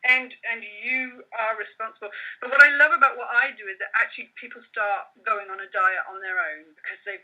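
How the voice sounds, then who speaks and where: A woman's voice: a little high, fairly even intonation, brisk, few pauses, bright, forceful tone. Chatty woman radio host, muffled sound. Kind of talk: interview conversation.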